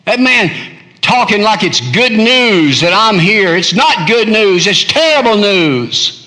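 Male preacher, slow and bright, delivering a sermon with big dynamic swings from near-whisper to ringing cries. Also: expressive, long reverb tail. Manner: dramatic swings from hushed murmur to loud high cries.

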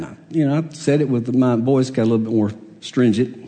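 A man's voice: mid-range voice, fairly even intonation, brisk, dark tone, big-room sound. A man, a pastor from Alabama telling a personal story in a chatty, self-deprecating way, chuckling as he goes. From Alabama, USA. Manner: folksy, self-deprecating, laughs while telling stories. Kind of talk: conversational storytelling sermon.

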